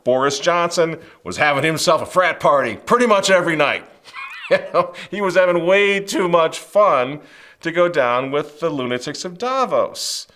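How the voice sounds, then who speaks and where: A middle-aged man hosting a commentary show, emphatic and sarcastic, swinging between loud outbursts and hushed asides, with many rhetorical questions. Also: fairly high pitch, animated, moderate pace. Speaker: show host. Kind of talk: impassioned political commentary.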